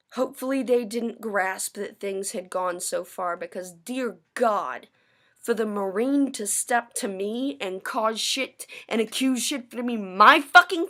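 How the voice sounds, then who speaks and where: Taking it slowly in a mid-range voice, a woman vents to camera on her personal vlog. The rant is angry, bitter and sarcastic, with plenty of swearing.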